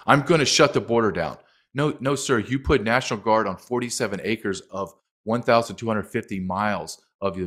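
A man's voice: lowish voice, a bit bright. A middle-aged man speaking as a documentary filmmaker guest in a heated interview, emphatic and impassioned, acting out quotes.

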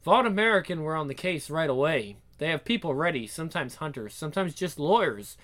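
A man's voice: fairly high pitch, expressive, brisk, a bit bright. A man reading an earnest young superheroine. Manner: earnest, explaining at length.

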